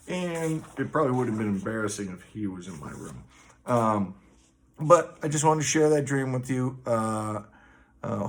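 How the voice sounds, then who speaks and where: Male vlogger, casual storyteller, loose and profane, heavy on the ums. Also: fairly low pitch. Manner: rambling, profane, many fillers.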